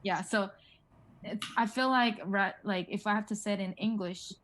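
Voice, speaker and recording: A woman with as her leads a relaxed one-on-one lesson. She talks in loose, hesitant explanations full of fillers and says each word slowly for her student to copy. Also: mid-range voice, a little hiss or hum, low-quality recording. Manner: explains haltingly with many "like" and "um", models words for repetition. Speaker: Korean language tutor. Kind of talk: casual one-on-one language lesson.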